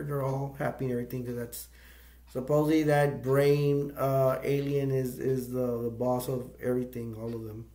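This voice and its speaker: A man of middle pitch talks casually through a film's story and keeps stopping to search for the right word. His voice sounds echoey, as if recorded in a bare room. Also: little pitch movement, moderate pace, dark tone. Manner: rambling, searching for words. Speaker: movie review channel host. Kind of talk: casual plot recap.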